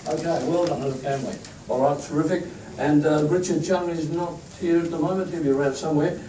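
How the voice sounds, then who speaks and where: An institute leader, speaking fast in a voice on the high side with a dark tone and fairly even intonation, presents team members to a crowd at a staff event with a chatty, joking speech. The echoey room, distant mic, and crowd noise are all audible.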